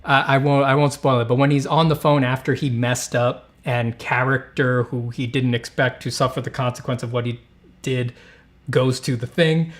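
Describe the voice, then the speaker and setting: Brief: a male artist host chatting casually, rambling, with fillers and restarts, mid-pitched. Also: steady tone, normal speed. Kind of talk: casual podcast chat.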